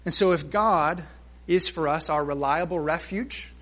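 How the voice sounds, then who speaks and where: A man preaching a sermon as pastor, emphatic, stretching and swelling key phrases, then dropping to quiet asides. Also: fairly high pitch, a little slow.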